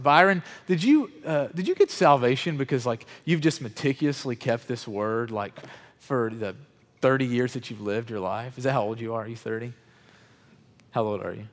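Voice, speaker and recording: A man's voice: lively intonation, moderate pace. Man preaching in a reverberant hall. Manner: conversational, addresses people in the room by name; swells louder and higher on key points. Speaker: pastor. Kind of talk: sermon. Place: church hall with chairs. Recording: reverberant hall, at times off mic.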